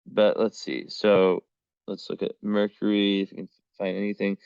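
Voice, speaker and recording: A man's voice: lowish voice, little pitch movement, normal speed, vocal fry, darkish tone, clean tone, dry recording, dull audio. A man reading astrology charts in a casual, rambling way, full of fillers and the odd swear word.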